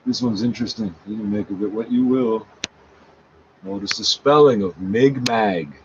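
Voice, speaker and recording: A man's voice: lowish voice, normal speed. A man reading a page aloud and talking back to it, scornful, correcting it and swearing often. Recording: dull lo-fi sound, faint background noise.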